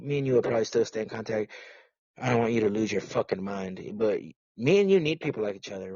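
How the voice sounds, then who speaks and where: A man's voice: medium pitch, no room sound, dull audio. A man hosting a podcast, rambling crudely and teasing with lots of restarts. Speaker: podcast host. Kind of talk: casual rambling podcast rant.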